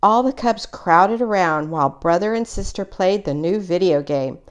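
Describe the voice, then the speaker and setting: A woman's voice: fairly low pitch, moderate pace, smooth. A woman reading a children's picture book aloud, voicing each character in turn. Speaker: storyteller.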